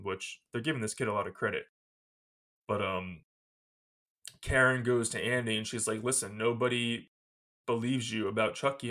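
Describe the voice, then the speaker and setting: A man's voice: fairly low pitch, fairly bright tone. A man co-hosting a podcast, casually retelling a film's plot and laughing often as he goes. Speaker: podcast co-host. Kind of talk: casual film recap chat.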